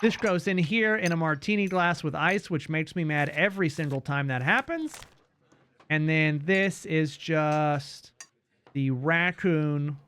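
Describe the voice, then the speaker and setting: A man's voice: fairly high pitch, measured pace, fairly bright tone, slight background noise. A young man streaming a game, chatting animatedly, swearing and laughing as he plays. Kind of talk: casual gameplay commentary.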